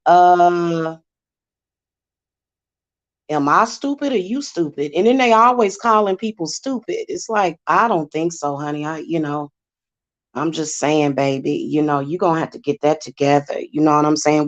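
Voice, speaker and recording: Woman, lowish voice, sassy chatty monologue, dull lo-fi recording. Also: moderate pace. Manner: chatty, sassy, repetitive fillers. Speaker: spiritual channel host. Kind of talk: casual monologue. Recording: dull lo-fi sound.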